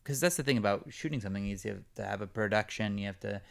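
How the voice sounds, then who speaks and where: Smooth-voiced young Californian man, chatty. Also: fairly low pitch, fast. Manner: rambling, many fillers, chatty. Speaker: podcast guest, actor. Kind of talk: casual interview chat.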